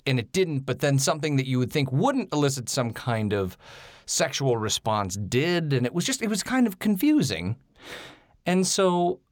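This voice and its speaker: Male host, filler-heavy storyteller, animated delivery, dry mic. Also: on the high side, dry recording. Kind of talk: candid storytelling chat.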